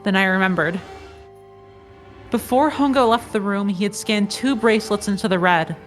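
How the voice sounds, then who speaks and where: A woman's voice: mid-range voice, moderate pace, soft background music. A woman co-hosting a podcast, reading a visual novel's first-person narration in an earnest storytelling manner. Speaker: podcast co-host.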